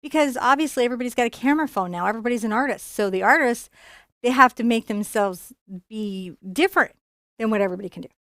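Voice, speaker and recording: A chatty middle-aged woman teaching a painting lesson in a live stream, her voice a touch high. She talks through each brushstroke and laughs easily. The sound is close and dry, with no room echo. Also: quick pace, a bit bright. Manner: chatty, laughing, thinking aloud while painting. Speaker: painting instructor.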